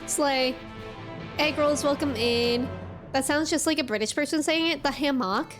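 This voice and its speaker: A woman's voice: high-pitched, measured pace, over music. A young woman streaming a game, chatting casually, reading chat messages aloud and reacting to them.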